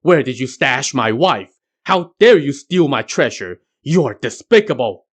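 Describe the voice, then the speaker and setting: A man's voice: medium pitch, sing-song, a little slow, breathy edge. A man voicing a hot-tempered male demon king who blusters in a raised voice. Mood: indignant.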